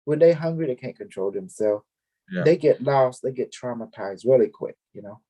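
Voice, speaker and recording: A man's voice: medium pitch, lively intonation, moderate pace, mellow. Rambling man. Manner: rambling, repeats words, mixes languages. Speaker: group leader. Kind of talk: casual spiritual talk to followers.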